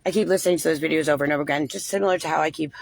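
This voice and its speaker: A woman's voice: low-pitched, very fast, vocal fry, no room sound. A woman talking unscripted on a livestream, rambling and agitated, with frequent swearing. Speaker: livestream host.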